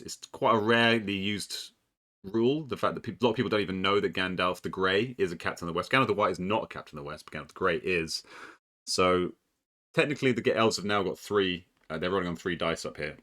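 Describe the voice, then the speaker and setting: Deep-voiced guy doing casual board game commentary, excitable, lots of ums, bright edge to his voice. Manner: excitable, swears, laughs, many ums and restarts.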